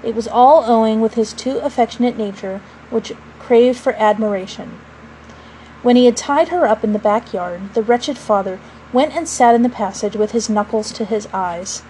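A woman narrating a classic storybook aloud in a measured, expressive way. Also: a little high, a little hiss or hum, rough recording.

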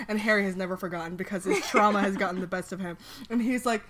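A woman's voice: medium pitch, quick pace, fairly bright tone, slight background noise. A woman co-hosting a podcast, telling a rambling story in a giggly, casual way full of fillers. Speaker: podcast co-host.

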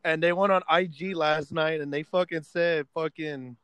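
A man's voice: on the high side, fairly even intonation, moderate pace, a bit bright, smooth, no echo. A young man hosting a casual podcast, laid-back, swearing freely and calling his friend bro. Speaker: podcast host. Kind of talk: casual chat.

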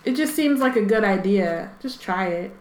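A woman's voice: medium pitch, animated, normal speed, reverberant. A woman co-hosting a book podcast, chatting casually and reading passages aloud, with many "like" and "um" fillers and playful asides. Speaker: podcast co-host.

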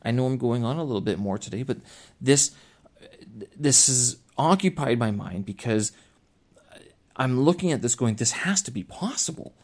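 A man who teaches English, hosting a solo podcast and talking casually. He rambles, restarts his sentences and fills pauses as he thinks aloud. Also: mid-range voice, animated, darkish tone. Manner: rambling, with frequent restarts and filler. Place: lives in China.

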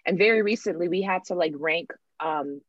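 Low-voiced woman, candid storyteller. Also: normal speed, dry recording. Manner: candid storytelling, acting out quoted dialogue. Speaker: student sharing her experience. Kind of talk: casual podcast chat. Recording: dull lo-fi dry sound.

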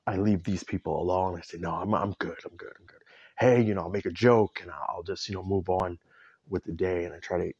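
Tearful man venting, low muffled voice. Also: darkish tone. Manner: rambling, self-interrupting, candid. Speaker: vlogger. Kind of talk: personal emotional vent to camera.

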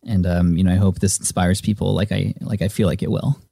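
A man's voice: sits low, level tone, fairly quick, creaky, warm tone, husky, no echo. A man hosting a podcast interview. He answers his guest with short, supportive reactions. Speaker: podcast host. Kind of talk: conversational interview.

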